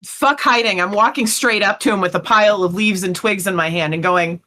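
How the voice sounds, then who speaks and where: Bright-voiced, profane woman player. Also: mid-range voice, fairly quick, hardly any pauses. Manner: profane, lively, laughs often. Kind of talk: tabletop role-play, in character.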